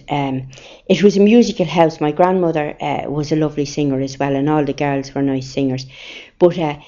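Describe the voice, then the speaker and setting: A woman's voice: sits low, mellow. Older Irish woman reminiscing. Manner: rambling, anecdotal storytelling. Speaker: interviewee. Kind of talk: oral history reminiscence. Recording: dull lo-fi recording.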